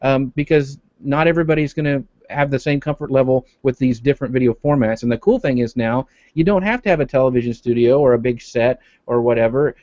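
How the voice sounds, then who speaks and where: A man chats on a panel in a relaxed, enthusiastic way. His voice is mid-pitched and dry, with no room sound. The call audio is muffled and lo-fi. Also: no room sound. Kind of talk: casual panel chat.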